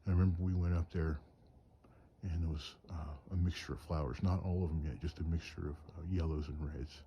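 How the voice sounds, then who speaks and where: A man's voice: rumbling low, steady tone, a little fast, muffled recording, slight background noise. A man telling stories in a rambling, chuckling way, cold and shivering outdoors at night. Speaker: storyteller and craftsman. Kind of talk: casual storytelling. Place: outdoors at night on a mountain trip.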